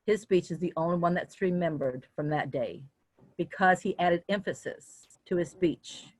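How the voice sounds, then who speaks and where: An older guest speaker instructs listeners on public speaking, making deliberate changes in her loudness and pitch as she continues. No echo is present.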